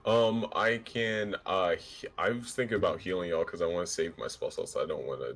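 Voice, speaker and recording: A man playing a tabletop game, halting and earnest, laughing easily. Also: sits low, fairly bright tone. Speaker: player. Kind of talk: casual tabletop play.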